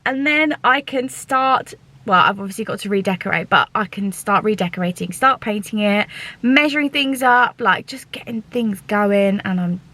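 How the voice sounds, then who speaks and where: A young woman chatting casually and excitably to camera in a vlog, with lots of fillers and self-corrections. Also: fairly low pitch, low-quality recording. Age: young adult. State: sore throat. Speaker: vlogger and small business owner.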